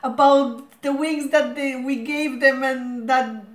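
A woman hosting a reaction video, gushing as an excited fan with a hoarse voice worn out from screaming. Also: sits high, slow. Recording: echoey room.

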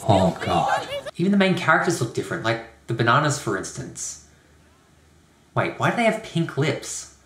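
A young man hosting a comedic rant video, talking with sarcastic, deadpan asides. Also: medium pitch, normal speed, crowd noise, background noise. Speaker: YouTube host. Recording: roomy echo.

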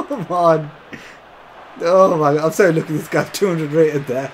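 A man giving excitable, chatty commentary over a football video game, often calling to his viewers as lads. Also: a little high, unhurried, slight background noise. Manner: chatty, keeps calling viewers lads, bursts into shouts and laughs. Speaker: gaming YouTuber.

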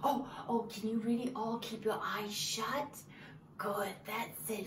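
High-voiced woman telling stories to preschoolers. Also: steady tone, takes it slowly, slight background noise. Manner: coaxing, counting aloud, guiding children through actions. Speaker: children's storyteller. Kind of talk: interactive storytelling for preschoolers. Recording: roomy echo from a distance, soft music.

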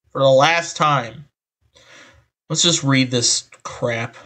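A man's voice: mid-range voice, takes it slowly, pauses often, bright, forceful tone. A man reading an article aloud and reacting with exasperated, rambling commentary through a voice changer, sighing often. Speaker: online commentator.

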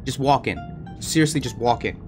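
A young man streaming a horror game, chattering to viewers in an excitable, panicky way. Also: mid-range voice, moderate pace, over music. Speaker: gaming streamer. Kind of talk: horror game let's play commentary.

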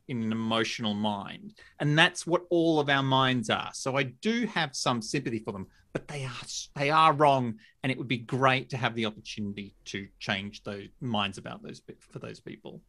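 A man's voice: mid-range voice, pushed and bright. A man guesting on a podcast, reasoning things through casually with wry remarks and hesitant restarts.

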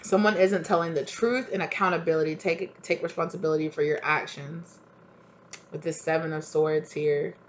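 Low-voiced woman doing a casual tarot reading. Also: steady tone, moderate pace, dull audio, slight background noise. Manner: chatty, blunt, full of fillers. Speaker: tarot reader.

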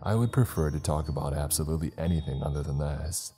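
Very deep, dark-voiced male horror narrator. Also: fast, faint music behind. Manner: uneasy, rambling confessional telling. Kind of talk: scripted first-person horror narration.

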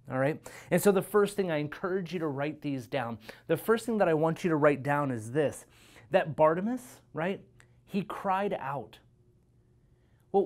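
A man's voice: a little high, darkish tone. A man, a youth pastor, giving a devotional sermon and reading scripture in an earnest, conversational way, often checking in with "right?".

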